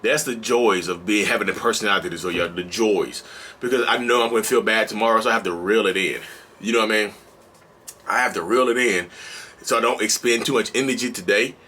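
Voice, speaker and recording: A male mental health vlogger talking straight to camera in a casual, energetic, preachy and colloquial way. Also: lowish voice, fast, husky. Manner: energetic and bouncy. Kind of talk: casual direct-to-camera vlog.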